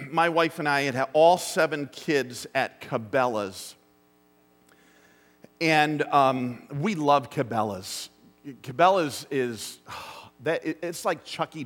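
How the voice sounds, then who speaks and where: A middle-aged man preaching a sermon, telling a story that drops to hushed asides and rises to urgent bursts. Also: on the high side, slow. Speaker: pastor. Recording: long hall reverb.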